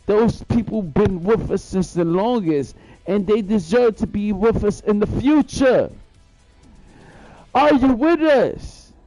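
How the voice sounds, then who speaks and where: A man's voice: high voice, slow pace, mellow, faint music behind. A man rambling through a profane, boastful story in a live-stream monologue, repeating himself as he goes.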